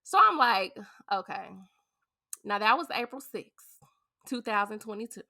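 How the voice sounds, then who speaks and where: A woman from St. Louis, a podcast guest and beauty business owner, telling a story in a chatty, animated way. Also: mid-range voice, unhurried, creaky. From St. Louis, USA. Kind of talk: casual storytelling.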